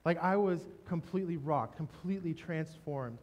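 A man preaching a sermon, telling a personal testimony in an emotional, halting way with many restarts. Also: on the high side, a little mellow. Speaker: pastor. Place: church stage.

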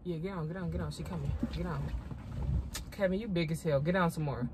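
A woman vlogger, chatting casually and loudly over music. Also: lowish voice, fast talker, very noisy. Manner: lively, slangy, loud hype intro. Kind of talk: casual prank vlog chat.

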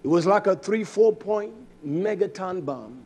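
A man preaching a sermon, emphatic, swinging between loud bursts and low murmurs and asking his listeners direct questions. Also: expressive, measured pace, breathy edge. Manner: addresses congregation directly with questions.

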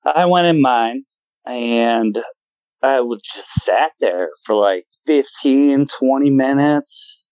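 Man in his forties, guest storyteller, slow unhurried delivery, animated and emotional, dry close sound. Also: no room sound, rough recording. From Wisconsin. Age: 40s. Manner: animated, acts out quotes with sudden high-pitched bursts; emotional, voice shaking at times. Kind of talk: casual storytelling.

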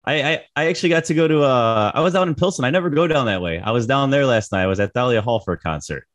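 Slightly hoarse podcast co-host man. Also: mid-range voice, fast talker. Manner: relaxed, chatty, stumbles and repeats words. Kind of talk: casual podcast chat.

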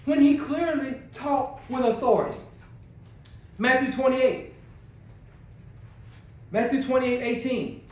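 A male pastor preaching a sermon, swinging from low murmurs to high exclamations and firing rhetorical questions at the congregation. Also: takes it slowly, pauses often. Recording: very echoey church hall, voice far from mic.

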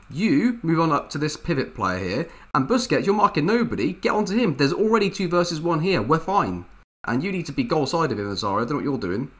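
A man's voice: lowish voice, a bit bright. A man giving frustrated, thinking-aloud commentary over a football management game, swearing now and then. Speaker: gaming youtuber. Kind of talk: gameplay commentary.

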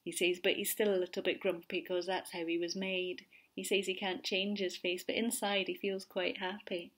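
A woman teacher reading a picture book aloud to young children, slow and gentle, often dropping to a whisper. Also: on the low side, level tone. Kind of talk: read-aloud storytelling for children.

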